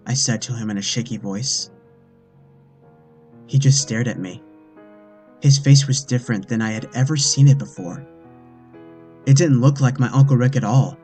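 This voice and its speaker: A man narrating a horror story in a first-person scripted read, earnest and steady. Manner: earnest storytelling, with the mother's lines put on higher. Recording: faint music bed behind.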